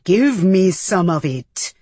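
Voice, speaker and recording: A cold, alien jellyfish creature, put on by a woman narrator speaks in slow, measured, commanding questions. Its tone sounds oddly unlike an ordinary human voice, lowered and weighty. The recording is close and dry, with no room sound. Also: very animated, mellow, breathy edge, dry recording, exaggerated voice. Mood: firm. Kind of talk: audiobook character voice.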